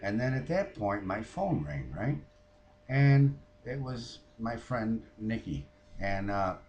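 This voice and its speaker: A man's voice: fairly low pitch, sing-song, slow, darkish tone, lo-fi sound. A man playing a foul-mouthed, fed-up woman who rants about her neighbors in a comic monologue. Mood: griping. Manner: profane, ranting, mimics others.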